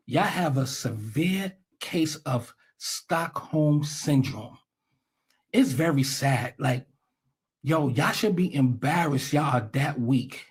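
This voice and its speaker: A man's voice: fairly high pitch, lively intonation, takes it slowly, slightly rough. A man from the United States giving blunt, profane reaction commentary in a heated rant.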